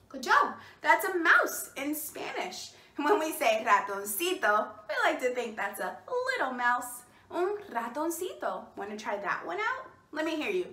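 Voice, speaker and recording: In an echoey room, a woman with a high, pushed and bright voice leads a bilingual storytime for children. She sits indoors, cheerful and encouraging, asking the kids to repeat words after her.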